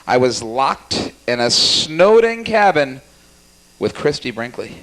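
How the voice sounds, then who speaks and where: A young man doing stand-up comedy at a small cafe, teasing the audience in a rapid, jokey way. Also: mid-range voice, sing-song, a bit bright. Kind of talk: stand-up comedy with crowd work.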